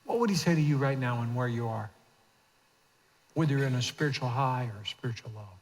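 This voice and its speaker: A man in his fifties preaching a sermon as senior pastor in a church auditorium, moving from hushed asides to shouted emphasis. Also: medium pitch, a little fast. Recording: long reverb of a church hall.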